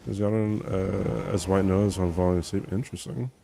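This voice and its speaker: Young male streamer, very low voice, casual rambling chat, self-mocking. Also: steady tone, a little fast, gravelly, dark tone, a little hiss or hum. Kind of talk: casual chat while gaming.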